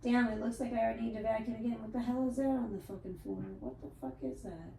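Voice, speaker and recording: A woman streaming live from her home computer room, chatting loosely and cursing without a second thought. Her fairly high voice has a gravelly fry and a soft, mellow tone. She sits back from the mic in an echoey room. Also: quick pace. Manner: chatty, swears freely. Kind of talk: casual live-stream chat. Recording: echoey room, mic at a distance, faint hiss.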